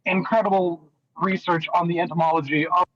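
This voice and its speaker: A man's voice: high-pitched, level tone, a little fast, no room sound. A man leaving a voicemail from his car, introducing himself grandly as a caller to the show. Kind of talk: voicemail message. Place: car in traffic. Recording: dull phone voicemail.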